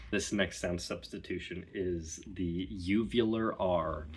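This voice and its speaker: A man giving a relaxed, explanatory video lesson as a dialect coach, pausing often with ums. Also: sits low, breathy edge.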